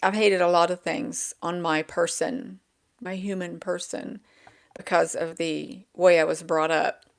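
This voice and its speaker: A woman's voice: lowish voice, flat delivery, unhurried, creaky. A woman vlogging at home in a casual, rambling way, losing her train of thought and laughing at herself, her voice a bit crackly. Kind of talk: casual chat to camera. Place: indoors at a table with a laptop. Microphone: small handheld microphone.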